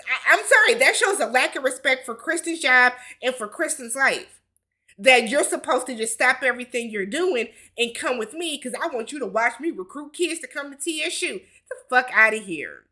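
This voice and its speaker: Woman with a drawl, high and bright, blunt and salty reality-TV recapper. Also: animated, normal speed. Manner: blunt, exasperated, profane commentary. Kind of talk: casual opinionated recap.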